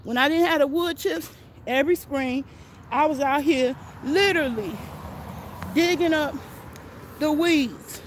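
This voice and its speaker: An older, out-of-breath woman gives a casual walking tour of her backyard garden, filming outdoors on her phone for her gardening vlog. Her voice is high and a little slow, with long pauses, and the audio carries some hiss or hum.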